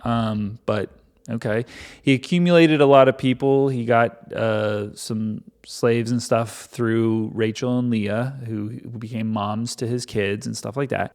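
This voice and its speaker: This man has a mid-range, somewhat dark voice. He reads a Bible chapter aloud, pausing between passages for irreverent, joking commentary.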